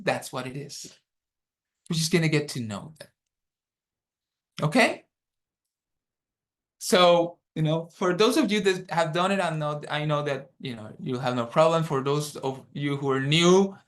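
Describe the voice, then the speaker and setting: A man teaching a dharma workshop over a video call, guiding the group through an exercise and checking in often. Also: on the high side. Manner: unhurried, checks in often with "okay?".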